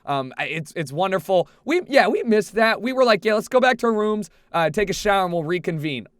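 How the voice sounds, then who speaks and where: Young guy w/ a high smooth voice rambling thru a wild party story, swears a lot, dry close mic. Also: a little fast, no room sound. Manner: rambling, animated, frequent restarts and swearing. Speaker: vlogger. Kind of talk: casual storytelling. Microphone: headset.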